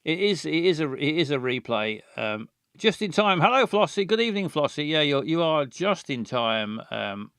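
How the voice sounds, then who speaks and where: A man's voice: fairly high pitch, very animated, normal speed, hardly any pauses, a bit bright, smooth, dry recording, studio quality. A man hosting a live-stream game playthrough, talking hesitantly with many ums and chuckles and greeting viewers by name.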